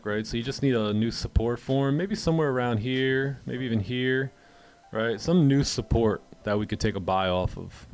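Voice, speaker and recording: A man's voice: medium pitch, darkish tone. A man hosting a live trading stream, answering chat questions in a rambling, casual way and often repeating words. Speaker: trading livestream host.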